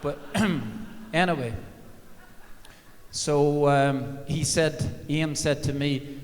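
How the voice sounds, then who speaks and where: A man's voice: fairly high pitch, little pitch movement, slow pace. Wry older man telling stories in an echoing hall. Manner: wry, self-mocking storyteller, many "uh" and "um". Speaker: former football manager, guest speaker. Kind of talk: anecdote told on stage. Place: large arena at a live event. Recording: long reverb of a large hall.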